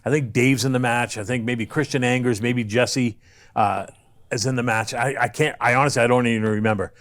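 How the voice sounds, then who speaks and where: A man's voice: mid-range voice, steady tone, fairly quick, fairly bright tone. A man, a former wrestler, telling rambling stories with crude jokes as a guest on a casual podcast. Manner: rambling storyteller, crude joking, restarts often.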